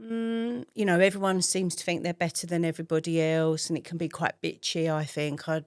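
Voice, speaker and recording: A woman's voice: lowish voice, little pitch movement, fairly quick, clean tone, no room sound, clean studio sound. A woman with a Cockney accent, a guest in a casual chat, telling stories in an open, self-deprecating way. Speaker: guest, trainee waxer.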